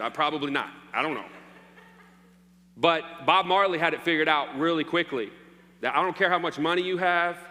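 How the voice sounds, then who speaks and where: A man's voice: on the high side, pushed and bright. A man preaching a sermon as pastor, joking playfully with his congregation. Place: church hall. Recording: long hall reverb, faint hum.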